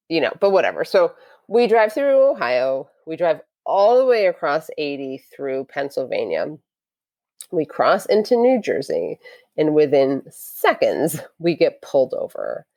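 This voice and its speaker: Woman with a low voice on a podcast, lively storyteller, dry close sound. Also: a little slow, no echo. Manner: lively storyteller acting out quotes. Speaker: podcast guest. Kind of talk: casual storytelling interview.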